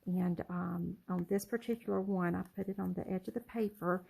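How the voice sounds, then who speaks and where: A middle-aged woman casually showing her handmade journals in a vlog, soft-spoken and rambling, with lots of ums and self-corrections. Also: fairly low pitch, steady tone, normal speed, creaky, husky, rough recording. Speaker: junk journal crafter showing her work. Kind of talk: casual show-and-tell vlog.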